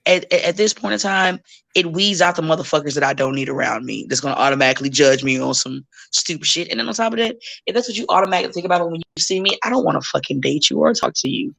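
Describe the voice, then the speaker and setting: A woman with a gravelly, fry-tinged voice chats as a guest in a casual interview. She talks bluntly, swears freely and slips into quick impressions of the people she is telling about. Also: low-pitched. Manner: blunt, profane and animated, acting out quoted people. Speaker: professional wrestler, guest.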